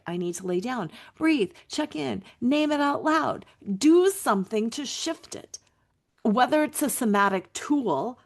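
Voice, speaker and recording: Earnest emphatic woman podcast host. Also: fairly high pitch. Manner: earnest, emphatic, repeats key phrases. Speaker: podcast host and betrayal recovery coach. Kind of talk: solo podcast monologue.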